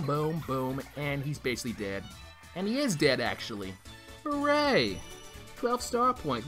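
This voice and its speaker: A man's voice: on the high side, bright, forceful tone. A man playing a video game for the first time and commenting, crude and joking, swearing and taunting enemies. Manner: crude, joking, trash-talking, swears a lot; mock-taunts enemies in bursts. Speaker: let's play gamer. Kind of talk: blind playthrough commentary. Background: faint game music.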